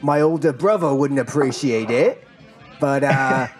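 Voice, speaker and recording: A man voicing a gruff, cheeky British toad who wears a bowler hat. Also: medium pitch, a little slow, a faint crowd, lightly acted.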